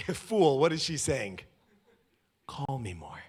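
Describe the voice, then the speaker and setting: A man's voice: medium pitch, sing-song, unhurried, fairly bright tone. A man from New York giving a comedic motivational talk, telling stories with jokes and acted-out quotes. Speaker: speaker.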